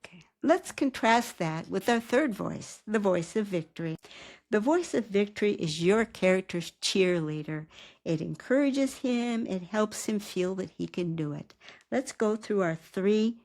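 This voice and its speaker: A woman who teaches writing, giving a calm, measured recorded lecture and asking rhetorical questions. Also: medium pitch. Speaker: writing instructor.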